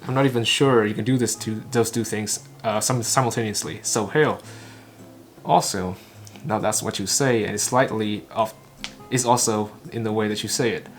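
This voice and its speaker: A man's voice: lowish voice, steady tone, soft background music. A man repeating a spoken talk phrase by phrase, stumbling and restarting often as he practices English. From Vietnam. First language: Vietnamese. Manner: halting, clipped phrases with frequent stumbles and restarts. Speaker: English learner and channel host. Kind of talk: shadowing a recorded talk line by line.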